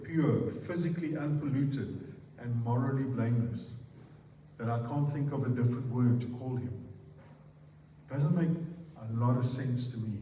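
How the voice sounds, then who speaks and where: A man with an Afrikaans accent preaches slowly in a mellow voice, pressing words in sets of three and putting questions to his listeners. He sounds some way off from the mic, his voice ringing through a large echoing hall with a long reverb and faint background noise. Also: mid-range voice. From South Africa. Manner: emphatic, repeats words in threes, asks the audience questions. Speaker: pastor. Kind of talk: sermon. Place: church hall. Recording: echoey hall, picked up from far off.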